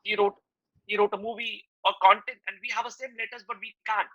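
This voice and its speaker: Middle-aged Indian man, Indian accent, ad-world guest speaker, earnest mentor tone, simple phrasing, crisp dry sound. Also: high voice, flat delivery, a little fast, a bit bright, no room sound, low-quality recording. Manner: earnest, advising, simple non-native English phrasing. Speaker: advertising creative, guest speaker. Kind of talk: talk to art students.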